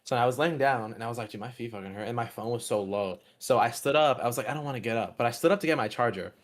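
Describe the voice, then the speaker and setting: A man co-hosting a stream, telling a story in a relaxed, slangy way. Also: medium pitch, rapid-fire. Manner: laid-back, slangy, laughs while telling stories. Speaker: stream co-host. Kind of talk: casual storytelling.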